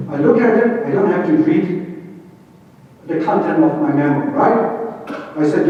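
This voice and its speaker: A man's voice: sits high, animated, unhurried, pauses often. A middle-aged man with a Chinese accent gives a talk to an audience, telling work stories and asking rhetorical questions. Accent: Chinese-accented English. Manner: anecdotal, quotes his bosses, rhetorical questions. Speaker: conference speaker. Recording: distant, echoey hall, dull lo-fi sound.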